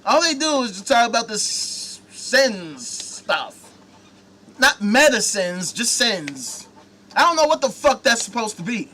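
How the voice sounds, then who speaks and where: High, bright-voiced ranting man host. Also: sing-song, slow. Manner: angry, sarcastic, heavy swearing. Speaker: talk show host. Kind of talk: profane live-stream rant.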